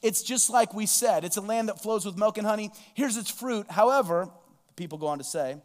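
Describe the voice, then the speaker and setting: A man's voice: high-pitched, fairly quick, long reverb tail. A man preaching a sermon as pastor, reading scripture aloud and asking the listeners rhetorical questions.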